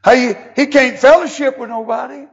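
A man's voice: very high voice, steady tone, normal speed, vocal fry, slightly rough, dull audio. A man, preaching a folksy sermon and reading scripture in old-fashioned English. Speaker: pastor.

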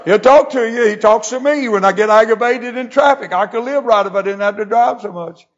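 Male preacher, high-pitched, folksy down-home sermon style, muffled lo-fi church recording. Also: fairly quick. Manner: folksy preaching with scripture read in old English. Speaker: pastor.

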